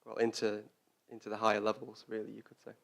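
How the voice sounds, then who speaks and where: A man's voice: on the low side, monotone, fast, gravelly, fairly bright tone. A man giving a Dharma talk as a Buddhist teacher, speaking reflectively and often repeating words as he searches for them.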